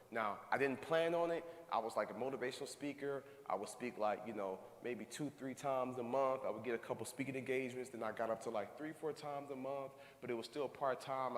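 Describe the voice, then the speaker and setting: A man giving an energetic, repetitive motivational talk, telling a story at a school assembly. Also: medium pitch. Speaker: motivational speaker. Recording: echoey hall with long reverb.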